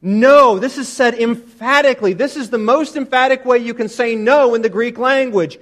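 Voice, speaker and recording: A man preaching a sermon, emphatic and animated, often asking his listeners rhetorical questions. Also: very high-pitched, normal speed, hardly any pauses. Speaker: pastor.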